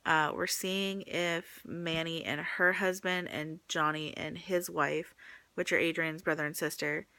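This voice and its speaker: A woman's voice: deep voice, fairly even intonation, unhurried, pushed and bright, dry recording. A young woman vlogging to her phone camera in a casual, chatty way, full of likes and ums, a little teary. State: pregnant, teary.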